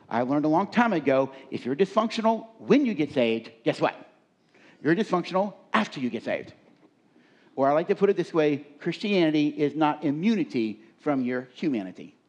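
A man's voice: sits high, a little mellow. A middle-aged man preaching a sermon on marriage, emphatic and full of rhetorical questions to the congregation. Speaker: pastor teaching on marriage.

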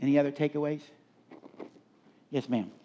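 A man's voice: a little high, steady tone, moderate pace, mellow, a little hiss or hum. Middle-aged guy running a seminar, chatty storyteller, kinda muffled lo-fi sound. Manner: storytelling, conversational, asks audience questions. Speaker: workshop speaker. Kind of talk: live leadership seminar talk.

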